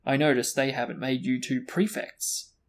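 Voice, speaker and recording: A man reading aloud, voicing a brisk, bossy middle-aged mother who scolds shrilly. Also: mid-range voice, little pitch movement, natural voice. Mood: scolding.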